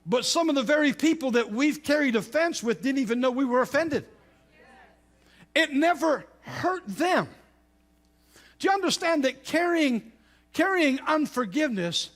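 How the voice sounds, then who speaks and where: A middle-aged man, a pastor, preaching a sermon by telling stories, with loud exclamations that drop to hushed intensity. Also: extremely high pitch, animated, unhurried.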